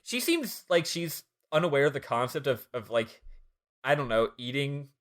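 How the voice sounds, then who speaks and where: A man co-hosting a podcast, recapping a game in casual chat, laughing often and swearing, acting out the characters in quick bits. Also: medium pitch, big pitch swings, fairly bright tone. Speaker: podcast co-host.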